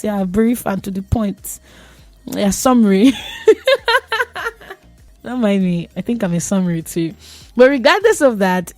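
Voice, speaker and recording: A woman's voice: mid-range voice, a little mellow, no room sound. A young woman hosting a radio show, talking about tech in a chatty, joking way and laughing at herself. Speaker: radio host. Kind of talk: casual tech talk on radio.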